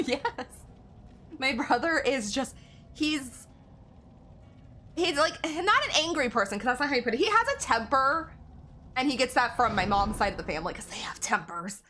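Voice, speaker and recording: A woman's voice: sits high, sing-song, moderate pace, bright, forceful tone, a little hiss or hum. A young woman streaming a game, chatting casually with a friend and her viewers and laughing often. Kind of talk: casual chat while livestreaming a game.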